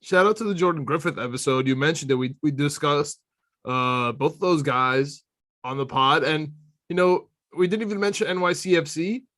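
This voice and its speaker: A man's voice: fairly high pitch, normal speed, fairly bright tone. A male podcast co-host chatting about sports in a laid-back way, laughing often and calling his friend dude. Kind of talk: casual sports chat.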